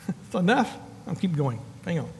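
A man's voice: high-pitched, big pitch swings, gravelly, long reverb tail. A man preaching a sermon as pastor, building emphatic lists and calling out to the congregation. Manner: preaching with rising emphatic calls and quick asides.

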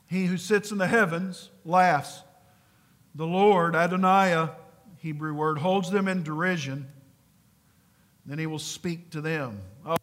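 A high-voiced man preaching slowly and deliberately, earnest and pleading. He often sinks to a hushed near-whisper to drive a point home. His voice rings with long reverb in a large church hall. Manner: earnest, pleading, dropping to a hushed low voice for emphasis. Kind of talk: sermon.

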